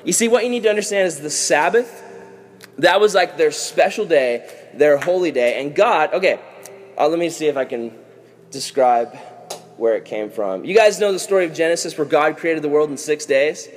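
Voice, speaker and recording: A youth pastor gives kids a casual Bible lesson, animated and jokey. His voice sits fairly high for a man. A long hall reverb trails each phrase. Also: normal speed. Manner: animated, jokey, acts out characters.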